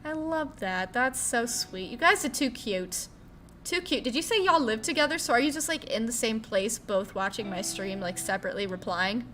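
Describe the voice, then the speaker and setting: Chatty American streamer woman, higher voice. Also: moderate pace, sharp tone, slight background noise. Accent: American Midwestern. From Ohio, USA. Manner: chatty, playful, swears casually, squeals at pets. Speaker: Twitch streamer. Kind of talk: casual stream chat reading viewer questions.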